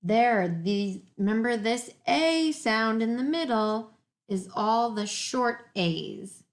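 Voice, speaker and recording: A woman, a teacher giving a remote reading lesson to young children from home on a laptop mic, enunciating each word slowly and clearly and sounding encouraging. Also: fairly high pitch, lively intonation. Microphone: laptop computer mic.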